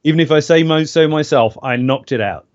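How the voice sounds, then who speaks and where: A male voice actor telling stories in a relaxed stream interview, rambling with many fillers and pauses. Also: a little high, highs cut off. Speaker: voice actor guest. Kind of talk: casual interview over a stream.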